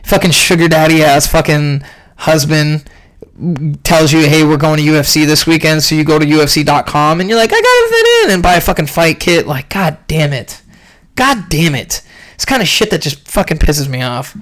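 A young man ranting casually about a fight event, profane and rambling, clearly irritated. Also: on the high side, moderate pace, fairly bright tone. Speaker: podcast host recapping a fight event.

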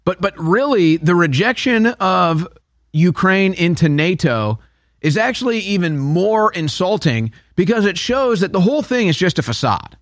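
A man's voice: sits high, big pitch swings, normal speed, no echo. A man hosting a talk radio show, delivering a sarcastic, heated opinion monologue in a studio.

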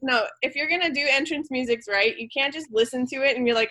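A woman's voice: high-pitched, quick pace, pushed and bright. A woman co-hosting a casual chat, opinionated and teasing. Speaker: podcast co-host.

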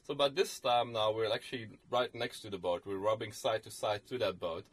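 A man's voice: on the low side, fairly even intonation, brisk. A man co-hosting a podcast, telling a story in casual chat, rambling with many fillers and restarts. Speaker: podcast co-host.

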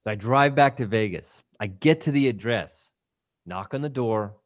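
A man on a podcast as a guest, telling a lively, casual anecdote full of swearing and acted-out voices. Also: mid-range voice, moderate pace, no echo. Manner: lively anecdote telling, acting out quoted people; frequent swearing. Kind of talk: casual storytelling.

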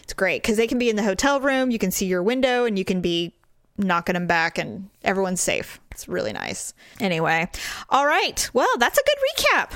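Chatty woman in her 40s telling a story to a friend, smooth clear voice, dry close sound, lively asides. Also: medium pitch, no echo. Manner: chatty, animated, quick asides. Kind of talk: casual chat storytelling.

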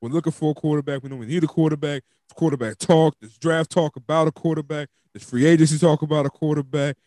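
A man's voice: steady tone, fast talker, darkish tone, no echo, clean studio sound. A man hosting a casual sports podcast, chatty and loose, laughing and filling with "um" and "like". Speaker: podcast host. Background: dog squeaking a toy.

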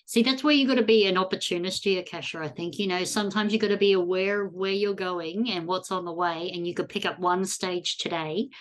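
A woman hosting a casual chat, friendly and quick to laugh as she gives advice. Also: lowish voice, fairly even intonation.

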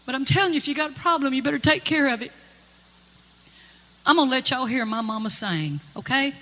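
A woman's voice: high voice, lively intonation, a little fast, sharp tone. A woman giving earnest, folksy spoken testimony to a congregation in a hall. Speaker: gospel singer giving testimony. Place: church or conference hall. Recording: long-reverb hall with music.

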